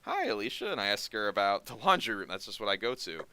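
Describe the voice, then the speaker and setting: A man's voice: fairly low pitch, quick pace, bright, forceful tone, smooth. A man hosting a podcast, telling a long story in a rambling way, often restarting his sentences. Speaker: podcast host. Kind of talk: casual podcast chat.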